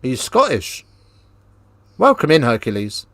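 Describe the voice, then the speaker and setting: A man's voice: mid-range voice, measured pace, no echo. Casual man hosting a rugby watchalong. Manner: casual, banters with live chat, lifts into excited play-by-play on tries. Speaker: watchalong host. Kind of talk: live watchalong commentary and chat.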